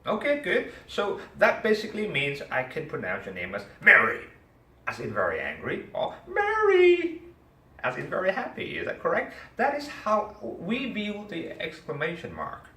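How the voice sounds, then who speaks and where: This teacher narrates a story to his class with animation, stopping to ask students questions, yet his moderate pace leaves hardly any pauses. His voice sits on the high side, and the room is echoey, with a distant mic and faint ambience.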